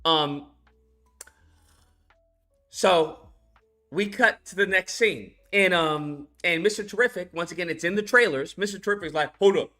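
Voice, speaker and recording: A man reviewing a film in a casual rant, animated and profane, laughing as he recaps scenes. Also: high voice, unhurried, long pauses, faint music behind.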